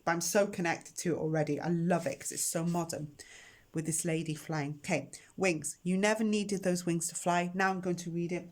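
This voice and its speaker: A woman with a fairly low, fairly even voice at a moderate pace hosts a casual tarot reading on her channel. She talks directly to her viewers, chatty and emotional, recorded indoors on a camera microphone.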